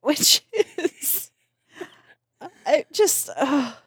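A woman's voice: high-pitched, animated, drawn-out words, fairly bright tone, dry recording, clean studio sound. A woman co-hosting a casual podcast, reacting with indignation while recapping a cartoon. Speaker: podcast co-host.

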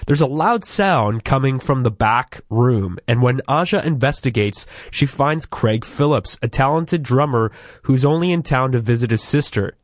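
A man in casual podcast chat, walking through a cartoon episode with wry asides and plenty of hedging. His voice sits at an ordinary middle pitch. It is close and dry, with no room sound. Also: lively intonation, moderate pace, dry recording. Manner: wry, chatty plot recapping with hedges. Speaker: podcast host recapping episodes.

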